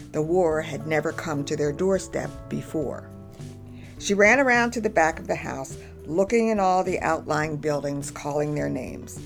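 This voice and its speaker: A woman with a lowish voice narrates a storybook in a measured, even way. Faint music plays softly underneath her reading.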